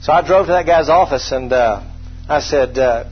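A man's voice: on the high side, moderate pace, slightly rough, dull audio, soft background music. A man preaching a sermon in a folksy, conversational storytelling way, poking fun at himself and asking the congregation questions. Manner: folksy, self-deprecating, asks the congregation rhetorical questions.

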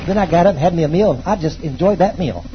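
A high-pitched man preaches to his congregation, pushing lines out loud and then dropping into quiet asides. He calls on the people to say things back to him. The recording sounds dull and a bit lo-fi, with a faint hiss underneath. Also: animated, quick pace. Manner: emphatic preaching, swinging from loud exclamations to low asides. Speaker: pastor. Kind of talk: sermon. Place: church hall before a congregation.

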